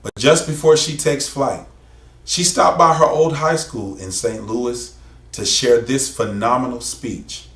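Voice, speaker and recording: A man's voice: mid-range voice, a little slow, a bit bright, recorded from a distance. Man hosting, formal introductions, echoey room. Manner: formal, ceremonial. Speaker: host.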